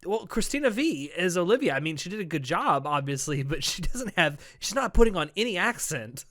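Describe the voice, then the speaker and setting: A man's voice: high-pitched, very animated, a little fast, fairly bright tone, no echo. A man co-hosting a podcast in casual chat, blunt and swearing casually. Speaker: podcast co-host.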